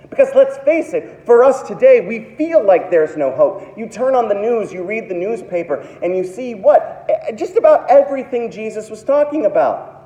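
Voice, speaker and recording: Brief: male pastor, 30s, dramatic sermon delivery, mellow tone, long hall reverb. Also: high-pitched, lively intonation, moderate pace. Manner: dramatic, acts out quoted voices. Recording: echoey hall, dull lo-fi sound.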